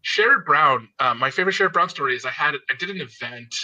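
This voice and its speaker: Man, rambling storyteller with many fillers, rapid delivery, very bright tone. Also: fairly high pitch, lively intonation, highs cut off. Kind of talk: casual political banter.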